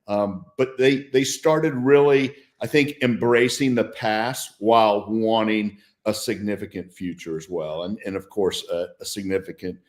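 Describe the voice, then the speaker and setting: A man's voice: fairly low pitch, fairly even intonation, a little slow, hardly any pauses. A man in his sixties, a guest on a talk show, telling a story in an upbeat, casual way with frequent restarts. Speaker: guest, former football player. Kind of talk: casual interview chat.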